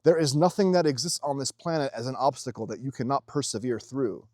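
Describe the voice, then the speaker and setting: A young man giving a casual, emphatic spiritual monologue as host of his own channel, swearing freely and shifting quickly in intensity. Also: medium pitch, darkish tone, no room sound, clean studio sound.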